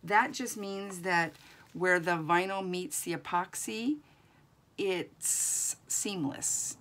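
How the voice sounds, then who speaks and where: Lady doll maker chatting thru a craft tutorial, kinda low and raspy-creaky, easygoing. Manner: chatty, encouraging, thinks aloud. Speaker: reborn doll artist.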